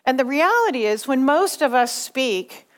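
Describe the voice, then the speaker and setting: A woman's voice: high-pitched, very animated, normal speed. Patient woman teaching a class. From Southern California. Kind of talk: classroom instruction.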